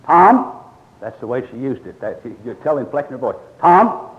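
A man's voice: mid-range voice, racing. An older man preaching a sermon with a folksy, storytelling manner, moving between scripture readings and homespun asides. His voice sits in an ordinary middle register. The recording is slightly dull and lo-fi.

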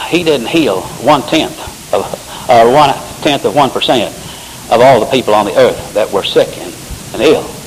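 A man's voice: medium pitch, slight background noise, rough recording. A man preaching a sermon, quoting scripture and rising into emphatic bursts.

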